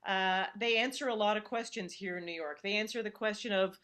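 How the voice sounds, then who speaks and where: A woman's voice: mid-range voice, brisk, few pauses, a bit bright. Woman comedian host, middle-aged, chatty and wry, on a video call.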